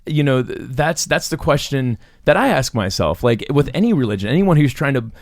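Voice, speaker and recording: A man's voice: medium pitch, animated, brisk, dry recording, studio quality. A young man co-hosting a podcast, talking in a loose, rambling way with many restarts and easy laughs. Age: young adult. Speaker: podcast co-host. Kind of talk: casual chat.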